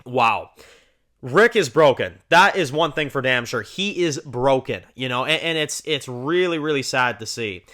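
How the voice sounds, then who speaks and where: A man talks through a TV episode on his own review channel in a loose, rambling flow, padding his thoughts with "you know" and stumbling restarts. His voice is bright and forward, of ordinary pitch for a man. He livens up when he retells scenes. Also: expressive, measured pace. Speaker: TV show reviewer, channel host.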